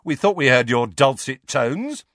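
A man's voice: on the high side, huge pitch swings, measured pace, fairly bright tone, dry recording, clean studio sound, voice pushed up, full character voice. Man doing a jovial, raised young wizard, cheery greeting voice. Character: friendly, beaming young wizard twin.

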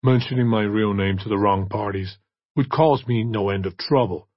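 A man voicing a hard, cold male vigilante who speaks quietly and flatly. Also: on the low side, normal speed, no echo, highs cut off, close to an everyday voice.

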